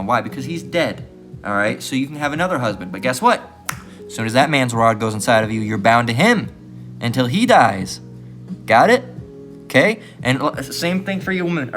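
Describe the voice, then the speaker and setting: A man holds forth in a blunt, profane preaching rant, swearing freely and punctuating nearly every point with a questioning "all right?". His voice sits at an ordinary middle pitch. A faint strain of music runs underneath him. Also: fairly bright tone. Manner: blunt, crude, repeats "all right?" constantly.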